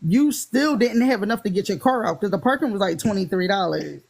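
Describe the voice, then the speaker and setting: A woman with a Philadelphia accent animatedly tells a funny dating story in casual chat, acting out the quotes in higher voices. She talks a little fast in a creaky voice, with a crowd audible behind her.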